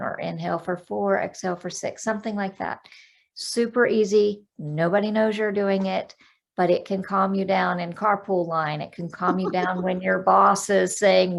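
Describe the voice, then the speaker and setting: A woman coaching on a podcast, her voice carrying a gravelly, creaky edge at an ordinary pitch for her sex. She explains things practically over a video call and slows down to count out breaths. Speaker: life coach guest. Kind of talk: podcast interview, explaining calming techniques.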